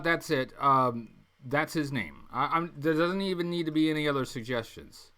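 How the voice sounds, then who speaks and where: A man's voice: fairly high pitch, animated, moderate pace, sharp tone. A man hosting a casual livestream, rambling with many ums and restarts and reading viewer comments aloud. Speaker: livestream host. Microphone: webcam mic.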